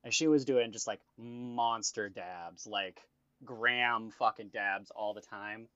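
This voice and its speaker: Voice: mid-range voice, takes it slowly, a bit bright, dry recording. A person telling a long story in casual chat, rambling and swearing, with lots of "like" fillers. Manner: rambling, profane storytelling full of "like". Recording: dull lo-fi dry recording.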